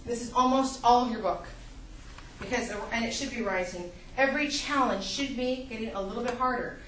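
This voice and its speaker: A woman teaching a college literature class, lively, asking the class rhetorical questions and acting out how readers react. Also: fairly high pitch, fairly quick, slight background noise. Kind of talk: classroom lecture. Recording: echoey classroom, mic far off.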